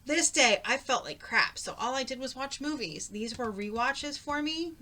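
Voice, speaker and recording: A woman's voice: sits high, expressive, moderate pace, sharp tone. A middle-aged woman talking casually at home, chatty and rambling, drifting off on tangents. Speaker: craft vlogger. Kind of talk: casual chat.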